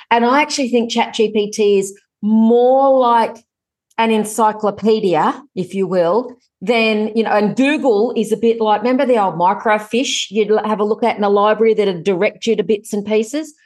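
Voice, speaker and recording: A middle-aged woman speaks as an author guest on a casual interview podcast. She talks in a chatty, animated way, leaping up in pitch when she gets excited. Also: moderate pace.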